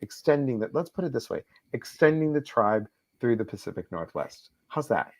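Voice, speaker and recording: A man's voice: mid-range voice, very animated, normal speed, vocal fry. A man hosting a casual live-stream chat, reading viewers' comments aloud and answering them. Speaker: host. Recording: slightly dull lo-fi stream audio.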